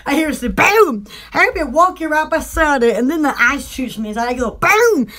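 A woman with a high, bright, pushed voice speaks quickly while hosting a casual home shopping livestream. She rambles, laughs often and imitates the sounds of household appliances.

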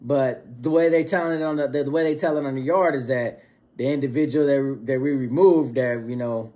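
A man's voice: medium pitch, fairly even intonation, fairly quick, dark tone. A man casually telling a story, using street slang and acting out quoted dialogue. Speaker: storyteller recounting prison experience.

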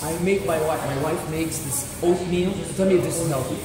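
A man chatting casually on a campus while filmed, joking and teasing his friends in an animated way. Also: on the high side, a little fast. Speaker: visiting guest speaker. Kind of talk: casual vlog chat. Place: outdoors on a university campus. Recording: echoey with loud crowd noise.

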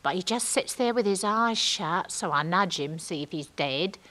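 A woman's voice: lowish voice, lively intonation, normal speed, sharp tone. An actress playing a chatty young woman in a comic monologue, with a rambling, ungrammatical way of telling stories. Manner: gossipy, rambling, ungrammatical storytelling. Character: chatty working-class young London woman.

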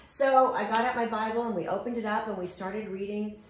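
While out walking, a woman hosts a casual chat, animatedly telling stories and imitating the voices of the people in them. Her voice is medium in pitch, she talks fast, and the sound is reverberant.

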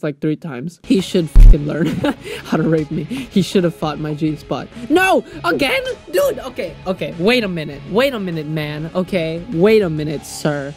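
A young man giving let's play commentary on a mobile fighting game, crude and joking, with loud excitable outbursts. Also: a little high. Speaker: gaming YouTuber.

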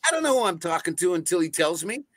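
A man, a voice actor telling stories in a casual interview, animated and swearing freely over a video call. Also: high-pitched, fast, dry recording. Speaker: voice actor guest. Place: home setup on a video call.

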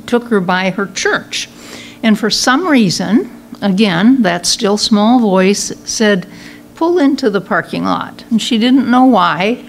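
A woman minister giving a conversational Sunday talk in a church, telling a story with fillers and restarts. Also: medium pitch. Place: church sanctuary.

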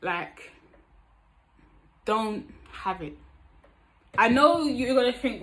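A woman's voice: fairly high pitch, takes it slowly, long pauses, low-quality recording. A young woman with an East London accent gives dating advice in a casual vlog, acting out both sides of conversations and using plenty of street slang. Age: young adult. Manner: animated, acts out both sides of chat-up lines; street slang, tag questions like "you get me?". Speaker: vlogger giving dating advice.

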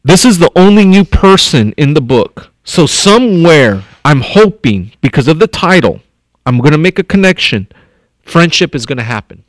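A man's voice: fairly high pitch, normal speed, no echo. A man reading a picture book aloud to young children at an elementary school as the district superintendent, stopping often to comment and think aloud. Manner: animated, thinks aloud and comments between passages.

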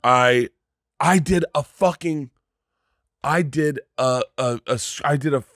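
A man in his thirties, a comedian guest on a podcast, telling a story in a casual, animated way, full of restarts and swearing. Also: medium pitch, takes it slowly, no echo, studio quality.

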